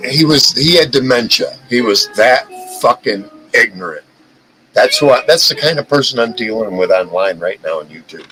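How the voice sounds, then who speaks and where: A man's voice: medium pitch, expressive, normal speed, pushed and bright, soft background music, poor audio. A man hosting a live stream, talking in a heated, profane rant and often stumbling over and repeating his words. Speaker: livestream host.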